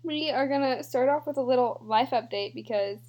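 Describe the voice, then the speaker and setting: A woman co-hosting a podcast in casual chat, playful and quick to laugh. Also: high voice, muffled recording. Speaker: podcast co-host.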